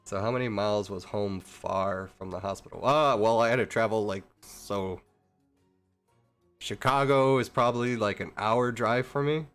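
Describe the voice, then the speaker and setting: Guy streamer kinda low voice, swears a ton, restarts sentences, faint game music behind. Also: moderate pace, fairly bright tone, clean tone. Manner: profane, rambling, many restarts. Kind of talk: casual rambling chat while gaming.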